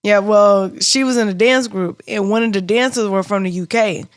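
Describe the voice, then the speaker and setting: A woman's voice: medium pitch, moderate pace. A woman co-hosting a casual podcast, chatty and full of "like", laughing often. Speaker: podcast co-host.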